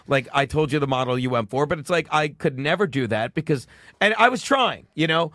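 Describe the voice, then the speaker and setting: A middle-aged comedian with a fairly high voice, talking bluntly and boastfully with plenty of swearing. He is recorded on a close studio mic with a dry sound. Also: animated, fairly quick, fairly bright tone, no room sound. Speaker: comedian guest. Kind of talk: casual podcast chat.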